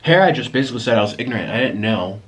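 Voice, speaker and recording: A man's voice: medium pitch, expressive, very fast, slight background noise. Man vlogging while eating. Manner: chatty and apologetic, talking between bites with a full mouth. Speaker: mukbang vlogger. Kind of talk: casual talk while eating on camera.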